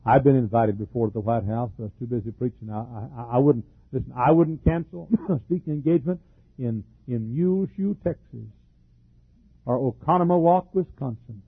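An older man preaching a fervent sermon as pastor, with a husky, troubled voice, frequent coughs and repeated words. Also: medium pitch, no room sound. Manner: fervent preaching with repetitions and laughs. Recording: dry, phone-like lo-fi recording.

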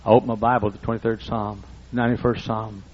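A man's voice: fairly low pitch, flat delivery, fast talker, darkish tone. An older man preaching a folksy storytelling sermon. He acts out the dialogue in raised voices. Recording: muffled lo-fi recording.

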